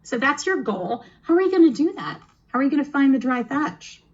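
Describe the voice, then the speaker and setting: A woman's voice: sits high, sing-song, fairly quick, muffled recording. A woman on a video call, explaining and running a kids' tabletop game demo in an encouraging, teacherly, chatty way. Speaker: game master and presenter.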